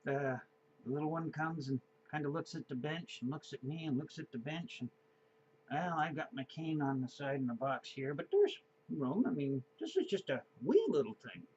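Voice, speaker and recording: Chatty fifties man, slightly high voice. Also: expressive, moderate pace, darkish tone, dull audio, slight background noise. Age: 50s. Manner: chatty, rambling with frequent fillers and chuckles. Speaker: vlogger. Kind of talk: casual storytelling.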